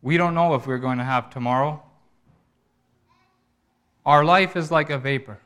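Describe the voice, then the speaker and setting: A man's voice: medium pitch, normal speed, fairly bright tone, smooth. A man preaching a sermon, telling a story in an earnest way and making pleading appeals to his listeners.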